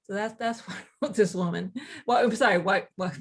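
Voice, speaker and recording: A woman guest author telling stories in casual conversation, animated, with quick asides and laughter. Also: medium pitch, husky.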